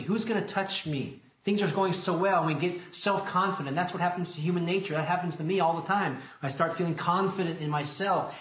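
A man preaches to his congregation in an earnest, deliberate way, drawing out the scripture lines. His voice sits a little high for a man. The sound rings with the echo of a church sanctuary. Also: a bit bright. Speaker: pastor. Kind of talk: sermon.

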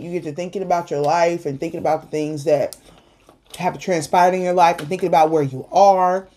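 Earnest woman host preaching over a meal. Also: on the low side. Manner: earnest, preachy, protests loudly when teased. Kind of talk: casual faith talk on an eating show.

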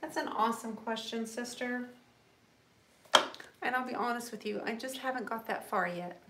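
A woman from the United States hosting a live painting lesson, chatty and laughing often, with quick apologetic asides as she paints. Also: a little high, echoey room, heavy background noise. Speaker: painting tutorial host.

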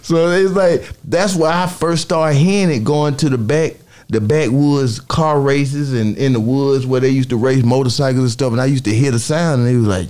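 A man's voice: medium pitch, normal speed, hardly any pauses. A man as an interview guest, telling stories in casual talk and acting out quotes in other voices. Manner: animated storyteller, acts out quotes in voices.

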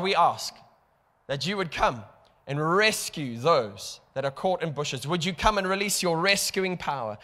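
A man's voice: on the high side, expressive, unhurried, pushed and bright. A man with a South African accent preaching a sermon as pastor, impassioned and building to emphatic peaks. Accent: South African English. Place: church hall. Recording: long hall reverb.

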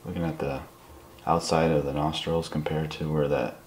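A man quietly talking through a live portrait drawing in his apartment, soft-spoken with nervous asides. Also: very deep voice, level tone, moderate pace, reverberant, slight background noise. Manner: soft-spoken, murmured, self-conscious asides. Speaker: artist demonstrating drawing. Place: apartment room, indoors.

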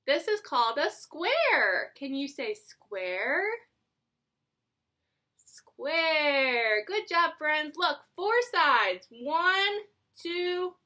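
Slow singsong woman teaching toddlers. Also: high-pitched, pushed and bright. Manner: singsong, encouraging, slow and exaggerated for kids. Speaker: preschool teacher. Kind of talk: online circle time for young children. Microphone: phone or camera held close, adjusted mid-video.

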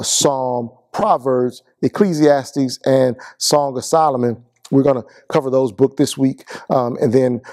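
A man preaching as pastor, giving announcements and a closing benediction, earnest and repetitive, going slightly hoarse. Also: mid-range voice, dark tone, no echo, studio quality. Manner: earnest, repeats words, rising to a fervent benediction. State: losing his voice.

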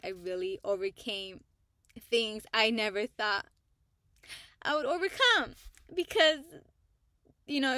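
Woman, faith vlogger, casual heartfelt testimony, slangy, bright tense tone, dry close sound. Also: a little high, dry recording. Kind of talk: candid personal testimony to camera.

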